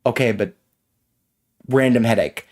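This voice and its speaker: A man playing a tabletop game, joking and talking in animated casual chat. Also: mid-range voice, measured pace. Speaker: player.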